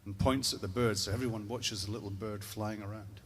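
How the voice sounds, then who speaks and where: A man's voice: on the low side, steady tone, fairly quick, slight background noise. A Scottish man telling a comic story in a wry, rambling way, with profane asides. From Scotland.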